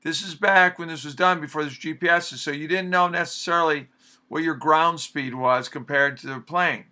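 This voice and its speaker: A man's voice: on the high side, fairly even intonation, moderate pace, pushed and bright. A man teaching a class, casually explaining and paraphrasing a story for students.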